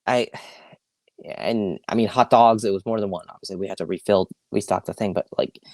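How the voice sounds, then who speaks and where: A man from Long Island, New York, hosts a solo podcast, ranting casually, rambling, swearing freely, sighing, and correcting himself as he goes. His voice is lowish and a little mellow, with fairly even intonation and normal speed, in clean studio sound with no echo.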